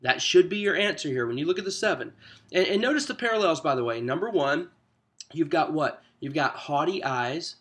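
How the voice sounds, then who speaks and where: A man with a slightly high voice talks group leaders through a handout in a relaxed, chatty way. He teaches conversationally, stumbling and restarting now and then but keeping a lively stress on his points. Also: a little fast. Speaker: church small group coach. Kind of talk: casual coaching talk.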